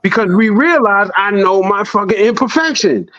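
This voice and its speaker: A man in a casual podcast chat, swearing freely and preaching with animated storytelling. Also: high-pitched, moderate pace, dry recording, highs cut off.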